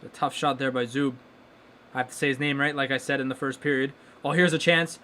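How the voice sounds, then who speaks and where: A young man hosting a live hockey watchalong, calling the play-by-play casually and breaking into loud excited exclamations. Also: medium pitch, a little fast. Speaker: watchalong host.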